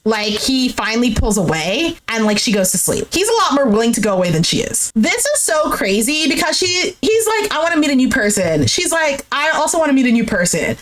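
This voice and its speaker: A young woman doing a recap of a dating show, reacting with exasperation and swearing, and acting out the cast's lines in a lower voice. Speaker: recap streamer. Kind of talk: animated reaction commentary.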